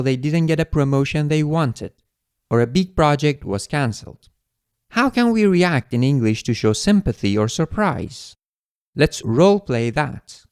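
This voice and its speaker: A man teaching an English lesson, explaining phrases in a clear, deliberate way. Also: mid-range voice, dry recording, studio quality. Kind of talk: scripted language lesson.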